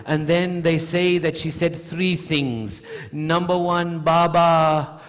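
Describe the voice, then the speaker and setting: Slow, high-voiced man preaching a lament. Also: steady tone. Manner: slow recited storytelling, rising to high emotional pleading in quotes. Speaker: sheikh giving a majlis lecture. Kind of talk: emotional mourning sermon. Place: large mosque hall. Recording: long hall reverb.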